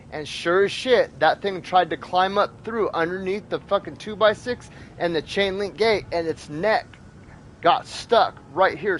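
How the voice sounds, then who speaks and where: A man's voice: a little high, slight background noise. Profane man telling a wild story. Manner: profane, animated, acts out sound effects. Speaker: gaming channel host. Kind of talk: casual storytelling over gameplay.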